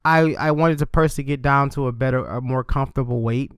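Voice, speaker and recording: Brief: male host, mid pitch, smooth resonant voice, dry and close, relaxed delivery. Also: no echo. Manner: relaxed, halting, with fillers. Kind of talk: casual conversation.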